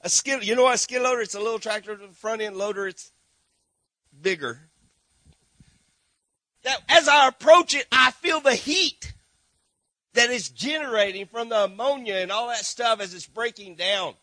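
Preacher guy, middle aged, lively storytelling sermon, high-ish bright voice, dry close sound. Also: moderate pace, pauses often, no echo. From Texas. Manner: animated storytelling, shifting from hushed to shouting. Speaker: missionary preacher.

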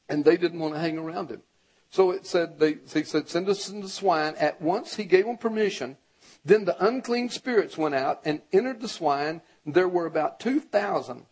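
A man preaching a sermon with a high, husky voice. He reads scripture and talks straight to the congregation, and climbs into a shout when he urges them on. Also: rough recording. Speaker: pastor.

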